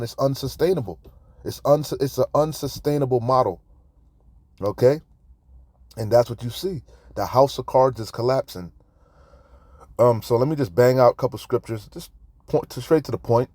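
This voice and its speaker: A man's voice: mid-range voice, normal speed, mellow, no echo. A man preaching in a fiery, profane rant, reading scripture aloud between angry comments on debt. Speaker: street preacher commenting on news.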